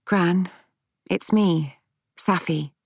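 A woman reading the part of a gentle, protective young granddaughter who speaks soothingly, in a storybook reading. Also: on the low side, animated, takes it slowly, no echo, pitched above the performer's own voice, heavily acted.

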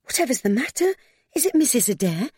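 A woman's voice: lowish voice, lively intonation, normal speed, husky, no echo, studio quality. A woman narrator voicing a timid, frightened young maid whose pleading voice cracks as she begs. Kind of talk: audiobook character voice.

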